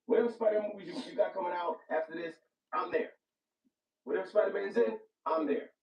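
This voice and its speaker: Hyped, gravelly young-sounding man. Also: high-pitched, quick pace, darkish tone. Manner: hyped, profane, repeats phrases. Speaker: movie reviewer. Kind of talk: casual movie review chat. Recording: echoey room, distant dull mic.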